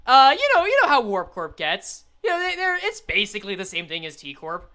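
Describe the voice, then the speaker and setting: Streaming a game, a young woman with a mid-range voice chats and reads the story aloud, animated and laughing easily.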